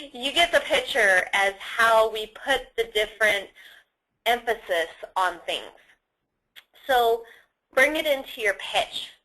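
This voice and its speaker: A woman's voice: a little high, expressive, takes it slowly, long pauses, pushed and bright, poor audio. A woman giving a sales training lecture, explaining how to use tone and emphasis on the phone. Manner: instructive, demonstrates emphasis on example sentences.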